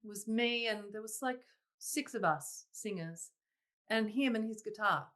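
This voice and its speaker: A woman, a singer-songwriter guest, telling her stories in a podcast chat. Her voice is bright and clear at a middle pitch, and she talks in an animated way, laughing and acting out what she said at the time. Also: unhurried. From Australia. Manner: animated, laughing, quoting herself in exclaimed asides. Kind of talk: casual interview storytelling.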